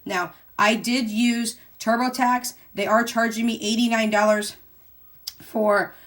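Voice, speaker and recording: A woman's voice: fairly high pitch, a little slow. Chatty older woman vlogger. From Missouri. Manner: chatty, addresses viewers as "y'all", excitable retelling. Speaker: budgeting vlogger. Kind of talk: casual chat to viewers.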